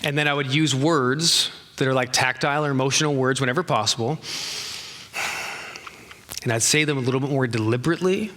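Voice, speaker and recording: A middle-aged man teaching speaking skills to a live seminar audience, animated and acting out little exchanges in raised voices. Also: mid-range voice, fairly quick, pauses often. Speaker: speaking coach.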